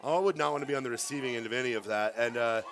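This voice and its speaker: A man giving live play-by-play commentary on a volleyball match in a school gym, often reacting with quick exclamations. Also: mid-range voice, slight background noise. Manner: excitable, exclaims "ooh" at big plays. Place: school gymnasium.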